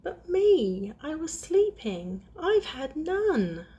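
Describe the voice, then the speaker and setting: A woman's voice: sits high, big pitch swings, slow, warm tone, pitched above the performer's own voice, full character voice. Woman doing a whimpering sulky bear. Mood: wailing. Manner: whiny, sobbing complaint. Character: big sad male bear, sulky and whimpering. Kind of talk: storybook reading.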